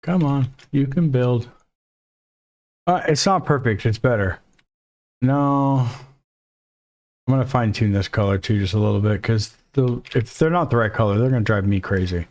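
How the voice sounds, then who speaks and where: A man's voice: mid-range voice, moderate pace, pauses often, darkish tone. A man teaching a casual screen-recorded coding lesson, thinking aloud and dropping jokey, self-deprecating asides as he works. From Mexico. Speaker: coding instructor.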